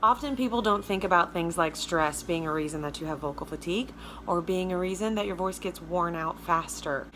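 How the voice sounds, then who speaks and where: A Southern American woman vocal coach with a low alto voice gives a chatty, emphatic casual video lesson directly to her viewers. She talks briskly over music.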